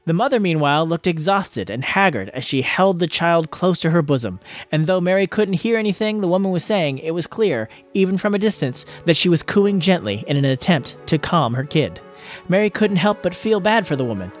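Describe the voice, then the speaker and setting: A man reading a chapter of a novel aloud as a guest reader, in steady storytelling narration. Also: on the high side.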